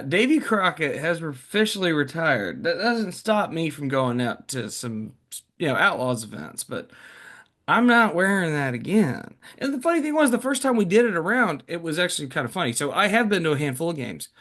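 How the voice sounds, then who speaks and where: Animated man with a higher voice. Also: moderate pace. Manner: animated storyteller, lively jokes. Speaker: podcast co-host. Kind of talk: casual chat.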